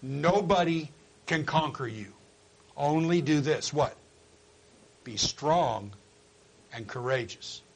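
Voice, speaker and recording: A man preaching a sermon, swinging from quiet low asides to loud high exhortation and acting out quoted voices. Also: expressive, slow, gravelly, pauses often, slightly rough, rough recording. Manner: acts out quoted voices of listeners and God.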